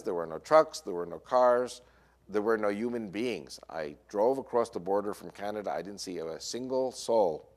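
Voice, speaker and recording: Lecturer: a man with a New York accent and a slightly low voice, telling animated stories with many "uh" fillers. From New York, USA. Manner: animated storyteller, frequent "uh" fillers. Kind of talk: lecture mixed with personal storytelling.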